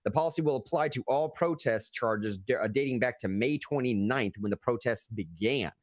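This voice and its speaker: A man talking casually about politics as a podcast co-host, animated and often restarting his phrases. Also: medium pitch, moderate pace, no room sound, clean studio sound.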